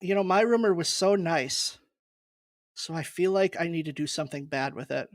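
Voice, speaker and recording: A man's voice: on the high side, normal speed. A man co-hosting a podcast, joking around in crude banter. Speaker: podcast co-host. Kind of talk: casual chat.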